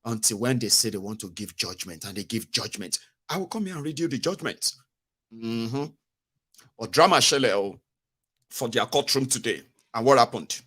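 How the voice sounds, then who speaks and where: A Nigerian man hosting political commentary in a casual, animated way, mixing Pidgin into his English. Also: a little high. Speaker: radio and online commentary host.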